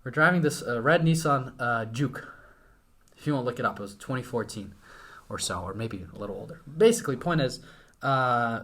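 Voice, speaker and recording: A young man from Ukraine, a podcast guest, telling a story with excitement and casual swearing. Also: mid-range voice, brisk. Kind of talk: animated storytelling.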